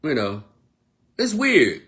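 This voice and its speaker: A man delivering a blunt, profane monologue as an online commentator, swinging between loud outbursts and low, quieter stretches. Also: slow. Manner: blunt, profane, animated rant. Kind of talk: casual ranting monologue.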